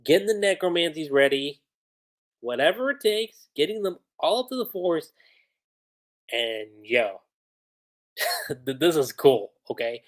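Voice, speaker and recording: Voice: medium pitch, animated, a little slow, long pauses. Streamer gushing over manga chapters, voice bouncing all over, laughing, saying like a lot. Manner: chatty, laughs often, heavy "like" fillers. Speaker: livestream host reviewing manga. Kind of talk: casual excited recap.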